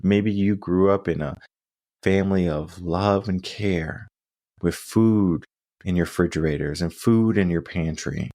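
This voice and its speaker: A man's voice: low voice, a little slow, dark tone, no room sound, studio quality. A man hosting a coaching podcast, talking through stories and lessons in an earnest way, often checking in with asides. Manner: earnest storytelling with frequent asides. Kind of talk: solo coaching monologue.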